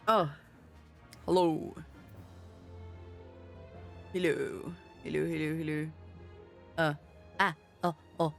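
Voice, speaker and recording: A woman's voice: low voice, level tone, slow pace, creaky, long pauses, faint music behind. A woman streaming a video game, chatting casually in a playful, giggly way with sing-song greetings and casual swearing. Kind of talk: casual livestream chat over gameplay.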